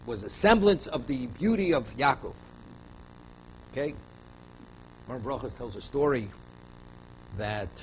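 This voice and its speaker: Emphatic rabbi teaching a Torah class. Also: male voice, mid-range voice, highs cut off, a little hiss or hum. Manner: emphatic, rhetorical questions, repeats phrases while thinking.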